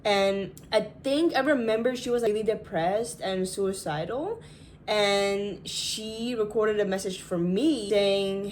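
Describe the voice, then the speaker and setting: A woman's voice: mid-range voice, measured pace, a little hiss or hum. Chatty young woman, mixed British-American accent. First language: not English. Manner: chatty, rambling, self-questioning with tag questions. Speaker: vlogger. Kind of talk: casual talk to camera. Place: Hawaii.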